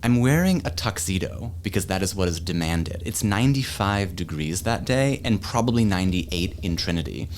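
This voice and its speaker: A man from New England, a history professor, telling a wry anecdote in an animated way. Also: low-pitched, moderate pace, hardly any pauses, slight background noise. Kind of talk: anecdotal storytelling.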